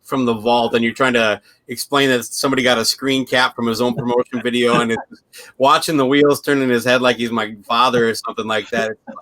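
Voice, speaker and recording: Bright-voiced man in casual chat. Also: mid-range voice, level tone, fairly quick, low-quality recording. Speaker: podcast host.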